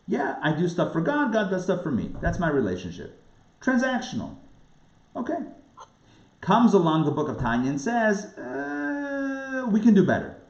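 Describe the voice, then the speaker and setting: A man, a rabbi, giving a lively lecture, asking rhetorical questions and acting out quoted voices. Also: on the high side. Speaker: rabbi teaching a class. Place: recorded live class. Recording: roomy, dull lo-fi sound.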